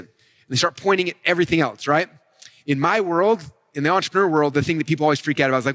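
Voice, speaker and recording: A man giving an energetic marketing talk on stage, walking listeners through his method and often checking in with "right?" and "okay?". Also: on the high side, rapid-fire. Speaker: marketing speaker.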